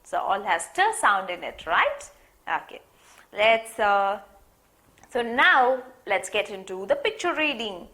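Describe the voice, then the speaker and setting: A bright, clear-toned young woman teaches phonics at an unhurried pace. Her pitch swings widely as she tells the story and demonstrates each sound. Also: sing-song.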